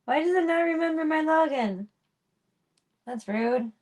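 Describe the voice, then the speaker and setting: A woman streaming casually from home, chatting with viewers and talking softly to her cats. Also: sits high, animated, measured pace. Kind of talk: casual live-stream chat.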